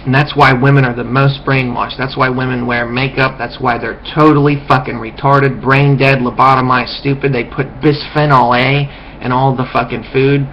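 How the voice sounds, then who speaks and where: Speaking at an ordinary pace with a flat delivery and mid-range voice, this vlogger launches into a contemptuous, meandering monologue to camera, swearing and restarting constantly. Faint hiss runs under the dull, lo-fi audio.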